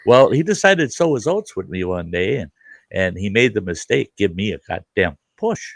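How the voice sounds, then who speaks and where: A man's voice: fairly low pitch, moderate pace, gravelly, no echo. A middle-aged man hosting a casual chat, telling a story with lots of swearing and acted-out voices. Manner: animated, swearing, acts out voices in his stories. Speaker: host.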